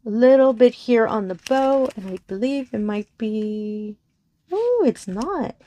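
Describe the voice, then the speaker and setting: A woman's voice: a little high, expressive, unhurried, mellow, no echo. A woman, casually narrating a crafting unboxing, gushing, giggling and often apologizing. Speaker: crafting channel host. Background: crinkling plastic packaging.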